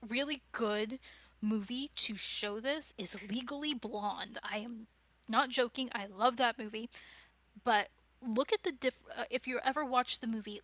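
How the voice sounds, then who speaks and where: Bright-voiced chatty woman teaching writing. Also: a little high, dry recording. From United States. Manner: chatty, enthusiastic, with frequent restarts and fillers. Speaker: writing club leader. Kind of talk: casual informal teaching talk.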